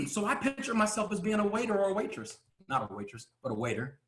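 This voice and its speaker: A man delivering a motivational coaching talk in a high, bright voice that swings widely in pitch. He drives his points home with rhetorical questions and stops now and then to clear his throat. The room around him rings with echo. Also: sing-song, fast. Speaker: business coach.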